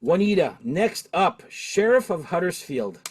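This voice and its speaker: Chatty middle-aged man, higher voice. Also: measured pace, slightly rough. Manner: talkative, animated, laughs often. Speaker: podcast host. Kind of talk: casual chat.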